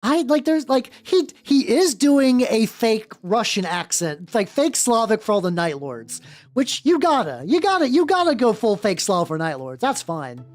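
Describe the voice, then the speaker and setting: A man with a naturally high voice chatting casually on a livestream while painting miniatures, rambling and swearing freely. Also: big pitch swings, normal speed. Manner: rambling, many fillers and restarts, swears freely.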